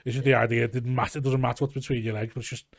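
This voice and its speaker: A man's voice: mid-range voice, flat delivery, very fast, vocal fry, no room sound, clean studio sound. A man with a Scouse accent, a comedian guest on a casual podcast, telling rambling, sweary anecdotes and acting out what people said. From Liverpool, England. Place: garage.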